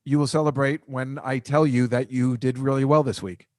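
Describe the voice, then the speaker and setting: A middle-aged man hosts a casual comedic sports chat, needling his guests with dry, teasing remarks. His voice sits at an ordinary middle pitch and is recorded close and completely dry, with no room sound. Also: fairly even intonation, moderate pace, darkish tone, no echo. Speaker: host.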